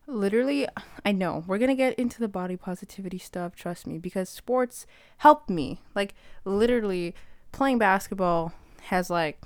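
A woman's voice: mid-range voice, darkish tone, clean tone, no echo, studio quality. A teenage girl, telling stories in a rambling casual podcast chat full of "like". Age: late teens. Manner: rambling, lots of "like", acts out quotes. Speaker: podcast host.

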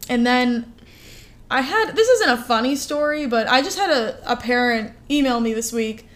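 A woman co-hosting a relaxed podcast chat tells her stories in an animated way, piling up "like" and "uh" as she goes. Her voice sits a little on the high side, at a moderate pace.

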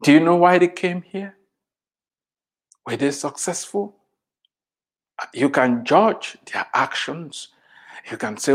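An emphatic motivational speaker addresses the crowd, hammering points home by repeating them. The delivery swings between loud declarations and quiet asides, driven by rhetorical questions. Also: mid-range voice, lively intonation, slow, long pauses, breathy edge. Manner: emphatic, repeats lines for effect.

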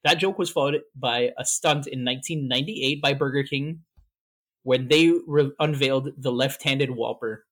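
A man's voice: medium pitch, normal speed. A man co-hosting a casual podcast, retelling old pranks with easy laughs and the odd swear. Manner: laughing, relaxed storytelling with swearing. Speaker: podcast co-host. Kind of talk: casual chat.

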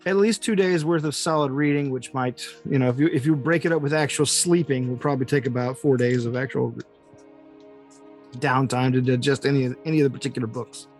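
A man's voice: mid-range voice, a little fast, faint music behind. A man running a tabletop game as game master, narrating with easy laughs.

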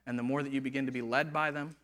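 A man preaching a sermon in an animated, conversational way, with laughing asides. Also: medium pitch, rapid-fire.

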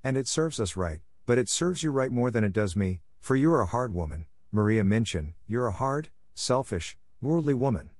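A man's voice: medium pitch, lively intonation, normal speed, few pauses, darkish tone, no room sound, studio quality, lightly acted. A man reading aloud, voicing a timid spinster schoolmistress who breaks into hysterics, in a raised, pleading voice. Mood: hysterical.

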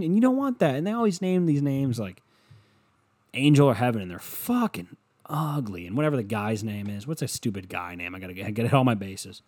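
A man's voice: mid-range voice, a little mellow. A man delivering a rambling, profane comedic rant that swings into mockery.

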